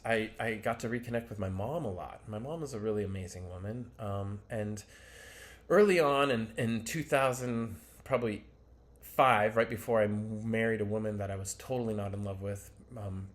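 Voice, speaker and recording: Low-voiced man telling a candid life story. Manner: conversational, rambling, self-deprecating.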